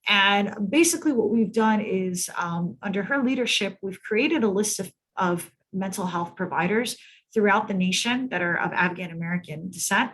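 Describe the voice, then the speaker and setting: Husky-voiced woman telling a case story. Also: mid-range voice, normal speed, a bit bright. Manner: emphatic, repeats words for stress. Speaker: mental health clinician presenting to colleagues. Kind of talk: storytelling in a training presentation. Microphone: video call.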